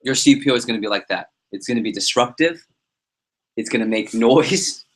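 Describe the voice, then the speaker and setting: A man leading a sales team meeting, giving an energetic motivational talk full of anecdotes and repetition. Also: medium pitch, a little fast, a little hiss or hum. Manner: energetic, repeats himself, tells anecdotes. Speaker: team leader running a sales prep meeting.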